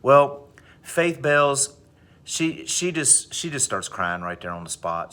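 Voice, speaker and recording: A male teacher telling a dramatic story to his class with animated delivery. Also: mid-range voice, takes it slowly. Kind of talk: storytelling in a lesson.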